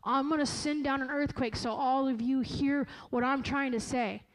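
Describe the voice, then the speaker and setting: A stern, pompous God thunders judgment from on high, as a woman preacher mockingly puts him on. The accent is exaggerated and the delivery overblown. Her naturally high voice is pushed down for the part. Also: steady tone, moderate pace, lightly acted, rough recording. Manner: mock-pompous, with an overdone put-on accent.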